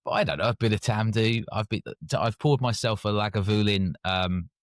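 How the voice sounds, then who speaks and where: A man with a fairly low voice, chatting casually as a podcast co-host. He often drifts off mid-phrase and starts again. He is recorded dry and close. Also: normal speed, dry recording. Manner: chatty, trails off and restarts. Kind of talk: casual chat.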